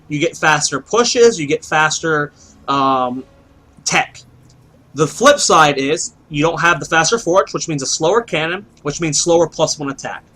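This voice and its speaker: Bright-voiced man casting a strategy game. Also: on the high side, rough recording. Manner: chatty, explains builds, thinks aloud and asks himself questions. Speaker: esports caster. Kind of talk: solo play-by-play commentary.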